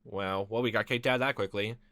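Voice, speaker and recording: A man's voice: lowish voice, fairly even intonation, brisk, sharp tone, a little hiss or hum. A man voicing an awkward, exasperated young male rookie lawyer. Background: game music.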